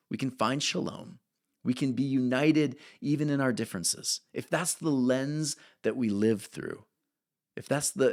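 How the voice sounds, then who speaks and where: A male pastor delivering a sermon in a relaxed, conversational way. He has a mid-range voice, pauses often with "um," and checks in with the congregation with "right?" between points. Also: medium pitch. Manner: conversational preaching with frequent "right?" and "um".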